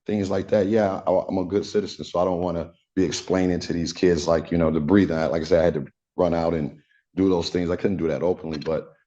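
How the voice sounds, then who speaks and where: An older man speaking as a defendant before the court in a halting, repetitive and earnest way. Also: low-pitched, steady tone, mellow. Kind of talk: addressing the court. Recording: dull lo-fi courtroom audio.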